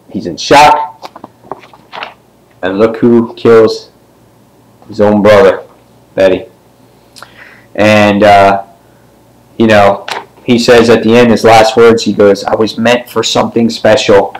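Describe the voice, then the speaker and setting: A man giving a casual comic book review, retelling the story in a rambling way with many fillers and sometimes jumping up in pitch to act out a character's line. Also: poor audio. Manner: briefly acts out characters' lines with pitch jumps.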